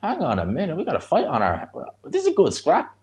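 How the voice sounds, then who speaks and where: A man's voice: a little high, huge pitch swings, fast talker, darkish tone. A man with a Dublin Irish accent giving casual live commentary on a fight and chatting with viewers in a blunt, rambling way. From Ireland. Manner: chatty, blunt, answers chat between fight reactions. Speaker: streamer hosting a live watch-along.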